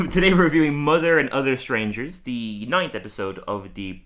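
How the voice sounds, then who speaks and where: Podcast co-host, a man with a bright, sharp voice, casual and rambling, quick to laugh. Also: mid-range voice, lively intonation. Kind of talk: casual chat.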